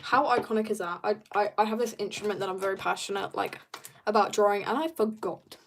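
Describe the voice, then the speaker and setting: A woman's voice: mid-range voice, quick pace, a little hiss or hum. A young woman chatting casually while drawing on a livestream, bubbly and joking as she reads viewer comments. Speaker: art livestreamer.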